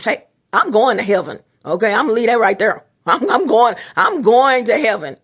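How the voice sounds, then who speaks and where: Her fairly high, fairly bright voice has a breathy edge and plenty of expression, at a moderate pace. The middle-aged woman vlogs in a rambling monologue straight to viewers, repeating herself and frequently starting over.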